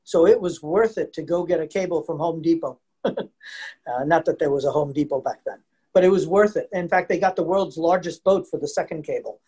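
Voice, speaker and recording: A man's voice: a little high, brisk, warm tone, slightly rough. A man giving a chatty virtual history lesson, laughing often and quizzing his audience. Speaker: museum program presenter. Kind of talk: lively virtual lesson for kids and families. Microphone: video call.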